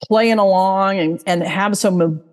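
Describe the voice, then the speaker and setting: A woman's voice: mid-range voice, slow pace, a little mellow, long reverb tail. A woman giving a casual online talk as a guest expert, chatty and full of fillers, now and then acting out inner voices. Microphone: video call mic.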